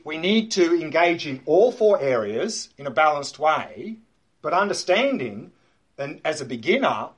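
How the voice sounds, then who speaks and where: A meditation teacher gives a talk to a class. He speaks in a slightly husky voice that sits a bit high for a man. He is emphatic, repeats his key words and points to a diagram as he explains. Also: fairly bright tone.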